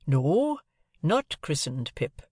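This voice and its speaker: A man reading an audiobook, voicing a gentle, simple blacksmith with plain, homely speech. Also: fairly high pitch, sing-song, slow pace, slightly rough, no echo, clean studio sound, full character voice.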